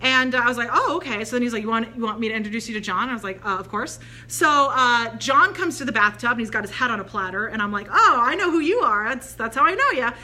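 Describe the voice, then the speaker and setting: A woman with a bright, high-leaning voice tells a personal story in an easy, chatty way. She talks animatedly and slips into the voices of the people she quotes. The feel is relaxed storytelling. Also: quick pace, hardly any pauses. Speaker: spiritual channeler. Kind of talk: casual storytelling.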